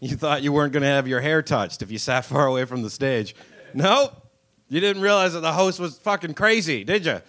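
A man's voice: a little high, a little fast, a bit bright. A young man doing a crude, self-mocking stand-up set on a club stage. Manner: crude, self-mocking storytelling with acted-out voices. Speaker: stand-up comedian. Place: comedy club stage with live audience.

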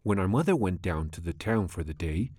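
A man reading a children's rhyming storybook aloud with a rhythmic, expressive delivery. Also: low-pitched, brisk, no echo, clean studio sound. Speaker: storybook reader.

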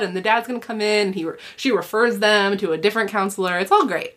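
A woman's voice: medium pitch, a little fast, few pauses, a bit bright. A woman co-hosting a podcast, chatting casually about a book with frequent laughs and fillers. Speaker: podcast co-host.

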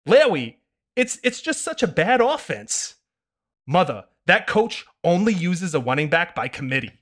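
A man's voice: high voice, very animated, measured pace, a bit bright, pitched above the performer's own voice, full character voice. A man doing a comedic voice of a nerdy, know-it-all boy lecturing his mother. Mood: pedantic. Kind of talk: comedic impression in a podcast.

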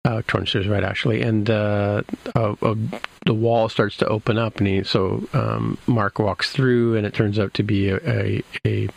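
A man's voice: on the low side, little pitch movement, moderate pace, gravelly. A man in casual chat, rambling through a recap with many restarts and fillers. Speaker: podcast co-host recapping a TV episode.

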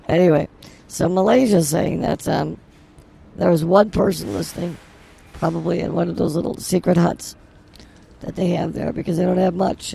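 A man's voice: high-pitched, gravelly, warm tone, slightly rough. A man co-hosting an improvised comedy podcast in a grocery store, blustering with mock-angry threats. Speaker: podcast co-host.

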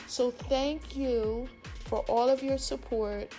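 A woman, hosting a podcast and giving casual, affectionate shout-outs in a chatty, slangy way. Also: fairly high pitch, steady tone, slow pace, soft background music. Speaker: podcast host.

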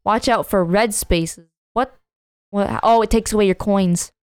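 A woman's voice: medium pitch, a little slow, a little mellow, clean tone, no echo, clean studio sound. A woman co-hosting a podcast, chatting casually through a party video game, blunt and swearing freely. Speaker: podcast co-host. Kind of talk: casual gameplay chat.

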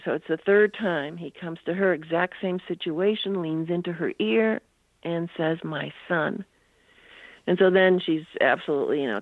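A woman's voice: fairly low pitch, no room sound. An older woman, a guest author, telling a long story in an interview and filling it with "you know" asides. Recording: tinny phone line.

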